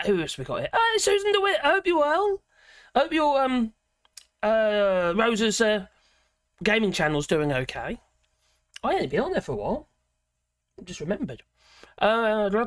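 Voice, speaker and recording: A woman's voice: mid-range voice, dry recording, studio quality. A woman hosting a livestream, chatting casually and rambling as she reads out viewer comments, often breaking off mid-sentence and laughing. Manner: rambling, chatty, self-interrupting with frequent laughs. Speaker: livestream host. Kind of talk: casual live chat reading viewer comments.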